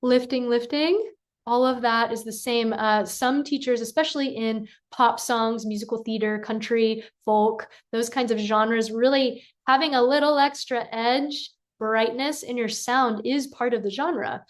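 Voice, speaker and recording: A woman vocal coach leads a singing lesson in a calm, encouraging way, breaking into sung syllables to demonstrate. Her voice is fairly high and unhurried.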